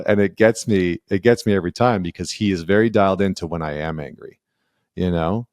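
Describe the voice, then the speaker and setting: A man with a low voice tells a family story in a relaxed, earnest way on a podcast. He is close to the mic in a dry studio, with no room sound. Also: normal speed, no room sound. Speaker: podcast host and father. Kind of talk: casual conversational interview.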